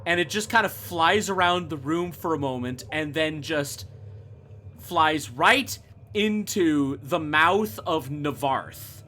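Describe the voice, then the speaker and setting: A man narrating as game master for a tabletop game, describing scenes slowly and correcting himself now and then. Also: on the high side, lively intonation, sharp tone, a little hiss or hum. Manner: slow, descriptive, with small self-corrections.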